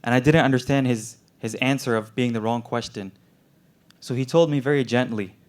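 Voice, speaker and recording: A man's voice: mid-range voice, fairly even intonation, normal speed. Young man performing earnest spoken word. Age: young adult. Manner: earnest, emotionally intense storytelling. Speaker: medical student performer.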